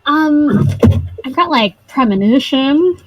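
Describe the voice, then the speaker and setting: A woman's voice: high voice, lively intonation, takes it slowly, no echo. A woman playing in a tabletop game, chatting casually and thinking aloud as she plays. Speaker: player. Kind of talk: casual play chat.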